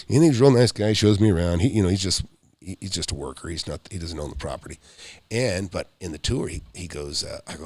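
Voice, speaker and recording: A middle-aged real estate investor hosts a live show, telling a story in an animated, rambling way peppered with quick asides. His voice sits low and gravelly, and the recording has no echo.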